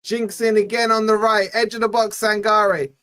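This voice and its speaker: A young man from Scotland hosting a live fan watch-along, giving exasperated, chatty play-by-play and reading out viewer shout-outs. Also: high-pitched, little pitch movement, normal speed, clean tone. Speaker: fan channel host.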